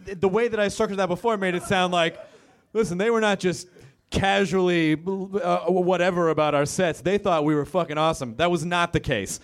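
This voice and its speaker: A man's voice: high voice, steady tone, fairly quick. A man hosting a stand-up showcase on a club stage, rambling and self-deprecating as he introduces the next act. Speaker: comedy show host. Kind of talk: stand-up emcee.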